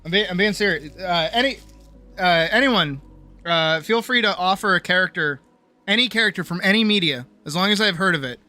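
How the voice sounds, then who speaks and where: A woman streamer with a voice on the low side talks fairly quickly in casual live-stream chat. Animated and self-mocking, she swears a lot while faint music plays behind her.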